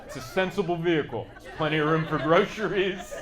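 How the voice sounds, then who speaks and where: A man doing a stand-up comedy set on stage, chatty and self-mocking, breaking into loud put-on bits. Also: a little high, brisk. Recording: live club audience noise.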